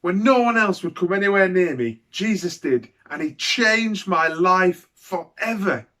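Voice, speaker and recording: A man's voice: high voice, expressive, sharp tone, exaggerated voice. A man playing a mournful leper outcast. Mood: amazed. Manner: mournful, sighing, slow and heartfelt. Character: man with leprosy, outcast, telling his healing. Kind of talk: dramatic monologue for children.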